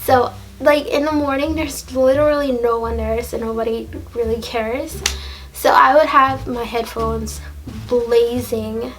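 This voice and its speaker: A woman in her late twenties telling a story in a casual, animated, laughing way, full of slang. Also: on the high side, unhurried, low-quality recording. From Jamaica. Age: late 20s. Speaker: vlogger.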